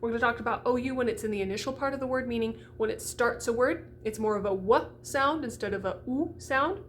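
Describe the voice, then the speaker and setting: A woman voice coach teaching French diction for singers, bubbly and animated, sounding out vowels as she goes. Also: fairly high pitch, fast, slight background noise. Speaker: classical voice coach.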